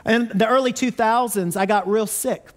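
Man pastor, high voice, animated storytelling sermon. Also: moderate pace. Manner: animated storytelling, acts out quotes. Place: church sanctuary.

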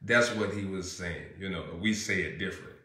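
Loud preaching man, echoey room. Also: sits low, brisk. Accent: Southern US. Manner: preaching with rising bursts and repeated phrases. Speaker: pastor. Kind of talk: sermon.

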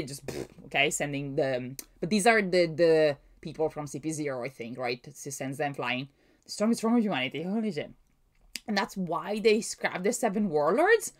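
Woman, casual reaction host, animated pitch, excitable and rambling, laughs easily. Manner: excitable, laughs often, restarts and wonders aloud. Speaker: manga reaction vlogger. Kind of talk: casual thinking-aloud reaction.

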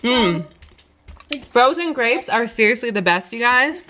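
A woman's voice: on the high side, very animated, measured pace, background noise. A woman in her thirties chatting casually to viewers as she walks through her home kitchen, laughing often. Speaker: vlogger giving a kitchen pantry tour. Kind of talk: casual home vlog chat.

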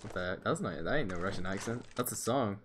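A young man live-streaming a mobile game, chatting casually with slang and quick exclamations while reading his viewers' chat. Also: on the low side, animated, background noise. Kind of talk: live mobile gameplay commentary.

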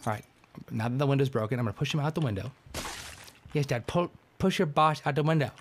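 A young man commentating a game, joking around and yelling when things go wrong. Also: mid-range voice, fast, a little hiss or hum. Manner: joking, excitable, yells at the game. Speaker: gameplay commentator. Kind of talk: let's-play commentary.

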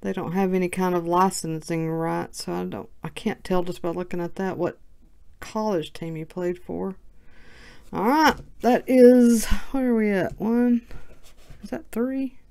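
A woman's voice: on the low side, steady tone, unhurried, creaky, warm tone, smooth. A woman hosting her sports card channel, chatting casually and thinking aloud in a self-mocking way as she opens packs. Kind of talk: casual card-opening commentary.

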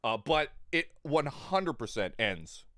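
A man's voice: mid-range voice, sing-song, takes it slowly, bright, forceful tone, dry recording, studio quality. A man streaming live, chatting casually with viewers in a crude, rambling way and often laughing. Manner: talks to chat viewers. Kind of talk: casual livestream chat.

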